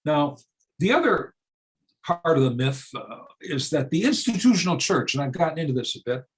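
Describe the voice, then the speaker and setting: A man's voice: fairly high pitch, sing-song, moderate pace, rough recording. A man in his seventies from the United States, talking unscripted to an audience. He speaks in a searching, conversational way, restarting phrases and asking rhetorical questions that he answers himself. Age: 70s. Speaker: speaker on church reform.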